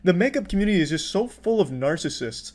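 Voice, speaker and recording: A male commentary YouTuber with a high, somewhat dark voice talks fast, his pitch swinging widely. He mocks what he has watched with sarcasm, exasperation, and free-flowing profanity.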